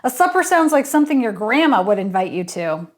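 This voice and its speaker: A woman's voice: fairly high pitch, big pitch swings, fairly quick. A woman playing a bossy, bellowing hotel boss man. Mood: boastful. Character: pushy boastful middle-aged male hotel owner. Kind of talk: audiobook character reading.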